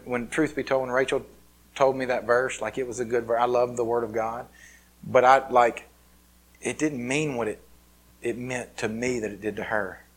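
A man preaching a conversational sermon with lots of fillers and restarts. He swings between loud emphatic peaks and quiet, hushed asides. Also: medium pitch, poor audio. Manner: casual, filler-heavy delivery with many restarts. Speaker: pastor.

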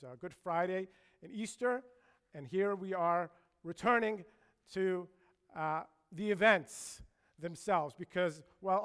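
Male pastor with a high voice, preaching in a conversational, emphatic way. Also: a bit bright. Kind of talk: sermon.

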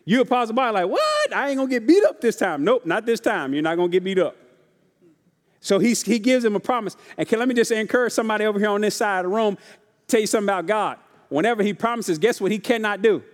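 A man's voice: high-pitched, quick pace. A man preaching a sermon to his congregation, with casual, folksy call-and-response delivery that keeps asking the room if they are ready. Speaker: pastor. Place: church sanctuary. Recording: long reverb of a large church hall.

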